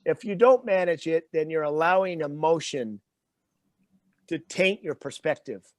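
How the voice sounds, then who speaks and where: Male guest trainer, a fairly high voice, dry close sound, explains in plain everyday examples. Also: expressive, unhurried, dry recording. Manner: explains with everyday examples and stops to check in with "okay?". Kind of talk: interview explanation.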